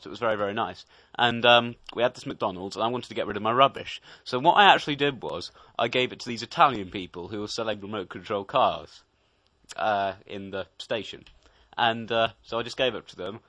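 A teenage boy co-hosting a casual comedic chat show, deadpan and understated. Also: fairly low pitch, no room sound. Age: teens. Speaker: co-host.

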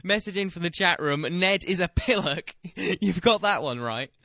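Bright-voiced teen radio host. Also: male voice, high voice, expressive, moderate pace, dry recording. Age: late teens. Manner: jokey, rambling and self-mocking. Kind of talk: comedic casual radio chat. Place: small home studio. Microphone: webcam and studio mic.

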